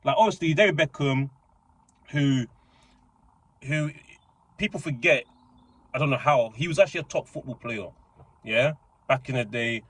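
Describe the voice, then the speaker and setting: A young man talks through the story casually, pitched right in the middle. He gets excited and rambles, full of slang and self-corrections. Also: normal speed, pauses often. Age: young adult. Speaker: reaction channel host. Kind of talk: casual commentary.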